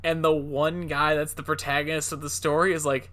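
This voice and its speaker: Bright-voiced rambling male podcaster. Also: a little high, flat delivery, fairly quick, few pauses. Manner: rambling, many fillers and restarts. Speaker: podcast co-host. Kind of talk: casual chat.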